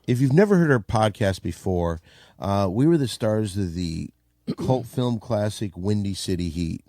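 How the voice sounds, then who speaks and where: A man's voice: lowish voice, animated, unhurried, dark tone, dry recording, clean studio sound. A man hosting a comedy podcast, blunt and steering the conversation. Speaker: podcast host.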